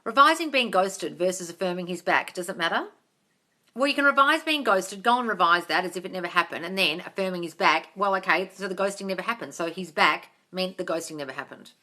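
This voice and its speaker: Aussie lady doing a live q&a on her phone, bright sharp voice, says darling a lot, swears casually. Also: fairly low pitch, expressive, brisk. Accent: Australian. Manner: chatty, calls viewers darling, swears casually. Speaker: manifestation coach host. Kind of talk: live-stream Q&A, reading comments.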